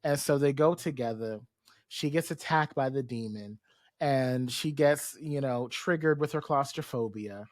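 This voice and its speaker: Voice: mid-range voice, no room sound, studio quality. Slangy, sassy podcast host. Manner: animated, slangy and sassy, quick asides. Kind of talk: casual recap of a cartoon episode.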